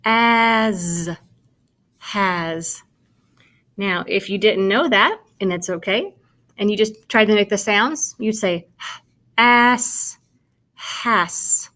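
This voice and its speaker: A woman with a medium-pitched, slightly bright voice and a moderate pace sounds out and spells kindergarten sight words for young children. She talks directly to the watching child, encouraging and praising them in a slow, patient phonics lesson.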